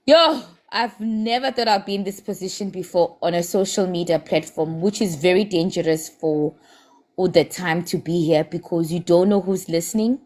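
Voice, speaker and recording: This woman's voice is fairly low and somewhat dark, moving at a normal speed. Her South African accent comes through as she scolds impassionedly in a heated live-stream debate, dropping Zulu words into her English.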